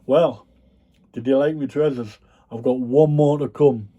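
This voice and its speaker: A man's voice: medium pitch, steady tone, measured pace, dark tone, highs cut off. A man talking casually to his viewers about items he resells, rambling with frequent ums and the odd yawn. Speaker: reseller vlogger. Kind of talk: casual chat.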